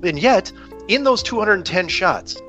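High, expressive, and fairly bright, this man's voice races through a rambling, heated argument, full of restarts and repeated "right?" questions. He's a podcast guest with his own channel, and the casual rant comes through muffled lo-fi audio with faint music behind it.

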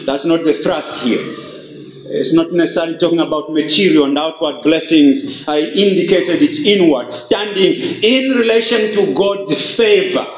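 A male pastor preaching a sermon, stressing key words with slow, drawn-out emphasis. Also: high voice, roomy sound, low-quality recording.

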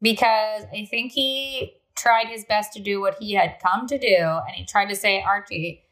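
A woman's voice: medium pitch, measured pace, a bit bright. A woman co-hosting a casual podcast, agreeing and laughing as she chats about an episode. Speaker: podcast co-host. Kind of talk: casual recap chat.

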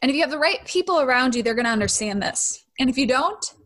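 A woman's voice: high voice, animated, quick pace, fairly bright tone. A young adult woman hosting a podcast in a casual monologue, talking conversationally and often tagging her points with "right?". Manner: conversational, frequent "right?" tag questions. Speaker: podcast host.

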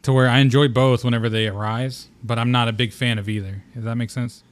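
A young man hosts a relaxed podcast, loose and joking. He swears casually and riffs with his co-host in easy conversation. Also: mid-range voice, fast talker, clear, resonant tone. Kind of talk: casual chat.

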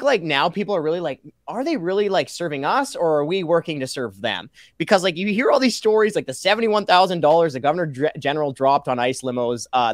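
A man from Canada with a high, very lively voice, talking as an animated podcast guest. He rattles off example after example with sarcasm and quick laughs. The sound is close and dry. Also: dry recording. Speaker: guest, taxpayer advocate.

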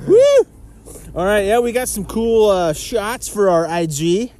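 Laid-back bro on a ski chairlift. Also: male voice, high-pitched, big pitch swings, a little slow, dark tone. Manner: laid-back bro slang, hyped exclamations. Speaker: podcast co-host. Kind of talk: casual chat on a chairlift.

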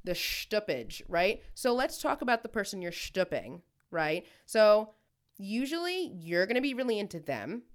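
A woman's voice: mid-range voice, sing-song, normal speed. A woman co-hosting a podcast in casual comedic chat, brash and profane, breaking into playful voices. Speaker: podcast co-host.

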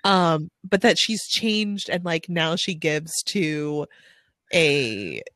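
A woman's voice: sits low, takes it slowly, no room sound, studio quality. A woman in her thirties co-hosting a casual book chat, laughing as she tells stories about her daughters. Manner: laughing, animated storytelling. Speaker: podcast co-host.

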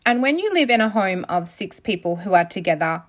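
A woman's voice: mid-range voice, sing-song, brisk, a bit bright. A woman, hosting a casual solo podcast in a candid way, swearing freely and laughing often. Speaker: podcast host.

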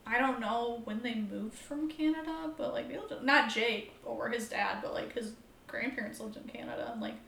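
A young American woman chatting as a podcast guest, animated and swearing freely as she acts out her own reactions. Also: on the high side, moderate pace, vocal fry, a little hiss or hum. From United States. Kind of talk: casual chat. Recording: roomy echo.

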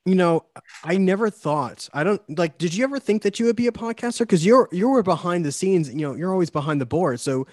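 Podcast host, man, New York accent, chatty and rambling, slightly higher voice, dry close sound. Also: expressive, a little fast, a little mellow, no room sound. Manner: chatty, rambling with many fillers. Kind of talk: casual interview chat.

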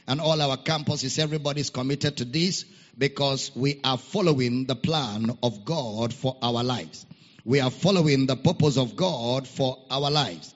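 A pastor with a mid-range, slightly rough voice preaches a sermon in a church auditorium, repeating his key phrases and calling for amens in rousing call-and-response with the congregation. The recording sounds muffled and echoey, like a church hall.

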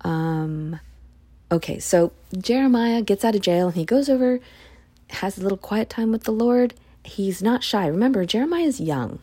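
Warm, husky woman reading scripture casually. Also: mid-range voice, moderate pace. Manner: expressive, dips into hushed whispers. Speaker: Bible study podcaster. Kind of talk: casual Bible reading with commentary.

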